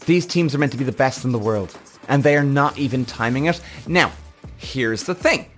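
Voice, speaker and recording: A man's voice: mid-range voice, animated, moderate pace, fairly bright tone, faint music behind. Fired-up man ranting, voice leaping around. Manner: heated, profane, exasperated ranting. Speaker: F1 reaction show host. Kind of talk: ranting commentary vlog.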